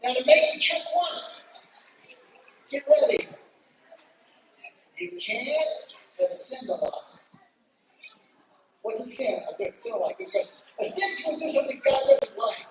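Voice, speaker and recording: A woman with a bright, highish voice that bounces up and down, joking her way through a children's church talk with card tricks. She sounds far from the microphone, with strong room echo and clear background noise. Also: huge pitch swings, a little slow, long pauses. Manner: playful, joking, chatty with the audience. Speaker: guest speaker doing gospel magic tricks. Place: church sanctuary with a congregation.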